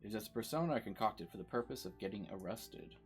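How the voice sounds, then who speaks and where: A man's voice: fairly low pitch, lively intonation, fast talker, faint music behind, lightly acted. A man playing a sly, flowery bird prisoner. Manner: flowery, storytelling, French-flavoured address. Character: smooth-talking male bird prisoner, theatrical.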